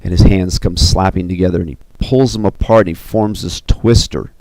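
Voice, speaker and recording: A man with a very low, gravelly voice tells the action of an animated film in a loose, excited way. He fills his talk with "you know" and "uh". He is recorded close, and the sound is dry. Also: normal speed, no room sound. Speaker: storyteller recounting an animated film. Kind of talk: casual retelling.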